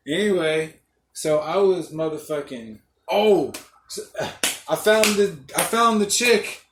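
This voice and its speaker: A man's voice: fairly high pitch, very animated, a little slow. A young man hosting a podcast alone, telling rambling, profane stories and laughing often. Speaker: podcast host. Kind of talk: casual monologue. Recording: echoey room, faint noise.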